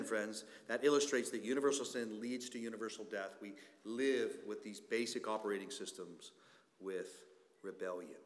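A man's voice: medium pitch, a bit bright. A man preaching a sermon as pastor, emphatic and fond of rhetorical questions, recorded in a church sanctuary. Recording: echoey church hall reverb.

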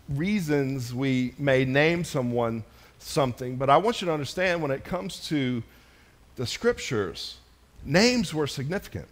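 A joking, chatty pastor preaching. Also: male voice, on the high side. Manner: conversational and joking, addressing a congregation. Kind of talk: sermon.

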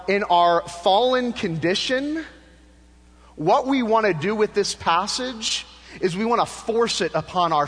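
A man preaching a sermon from the pulpit, his voice sitting a bit high for a man. He presses points with rising emphasis, then drops to a hushed, low delivery. The room carries a long church reverb. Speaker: pastor.

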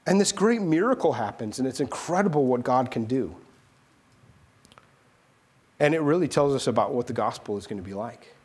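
A male preacher with a somewhat high, husky voice. He retells a scripture story emphatically, pressing his listeners with rhetorical questions. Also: lively intonation, normal speed, pauses often, darkish tone. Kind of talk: sermon.

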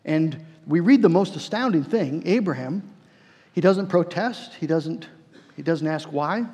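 High-pitched guy preaching a sermon, emphatic, drags out key lines, big hall echo. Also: animated, warm tone, breathy edge. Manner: emphatic, repeats words, slows down for key phrases. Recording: long hall reverb.

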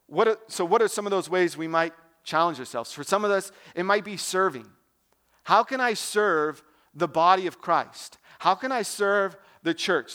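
High-voiced young man preaching casually. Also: fairly bright tone, smooth. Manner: conversational, asks the audience questions. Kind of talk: casual sermon.

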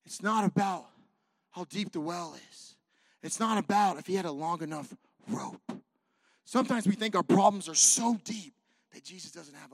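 A man preaching a sermon to a congregation, animated and repetitive, pacing as he talks and acting out the people in his story. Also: sits high, normal speed, dry recording. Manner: animated, repetitive, quotes figures in voices; walks around while preaching. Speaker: pastor. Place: church sanctuary with a congregation.

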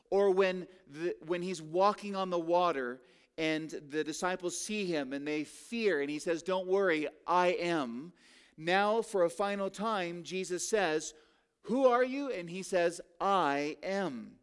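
High-voiced preacher, slowing for emphasis. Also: male voice, clean tone. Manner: dramatic, rhetorical questions, slows for emphasis. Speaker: pastor. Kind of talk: expository sermon.

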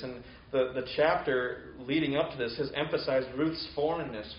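A man's voice: mid-range voice, normal speed, few pauses. Man preaching in a roomy, dull recording. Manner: conversational, paraphrasing with casual asides. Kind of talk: sermon retelling a Bible story.

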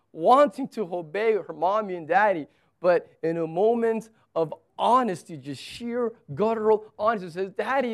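A man in his thirties preaching a sermon as pastor, earnest, often repeating a word as he presses a point. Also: sits high. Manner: earnest, repeats words when stressing a point.

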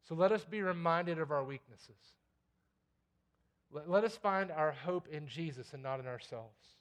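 A man with a high-pitched voice delivers a sermon as a pastor. He preaches emphatically, repeating key phrases and often turning to the congregation with a quick question. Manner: emphatic, repeats key lines, asks the congregation "You get that?".

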